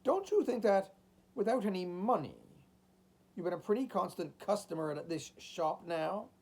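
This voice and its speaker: A man reading the part of a stout, hard-hearted shopkeeper landlord who threatens in a soft voice. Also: high-pitched, animated, moderate pace, voice pushed up. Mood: cold. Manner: speaks softly, menacing.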